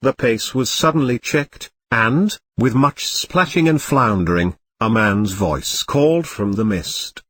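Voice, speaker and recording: Husky-voiced male audiobook narrator. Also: mid-range voice, lively intonation, a little slow, hardly any pauses, fairly bright tone, no echo. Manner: reads punctuation and chapter numbers aloud. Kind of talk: scripted audiobook reading.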